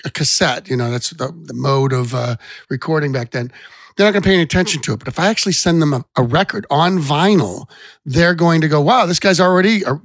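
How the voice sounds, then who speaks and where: A man's voice: fairly high pitch, lively intonation, fast, no room sound. Rambling storyteller man, dry close sound. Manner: rambling anecdotes with restarts. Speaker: podcast guest, songwriter. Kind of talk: casual storytelling chat.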